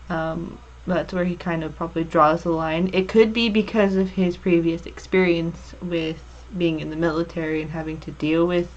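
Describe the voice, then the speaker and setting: A woman's voice: lowish voice, a little hiss or hum. A woman hosting a TV review chat, hesitant and searching for her words. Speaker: show host. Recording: dull lo-fi audio.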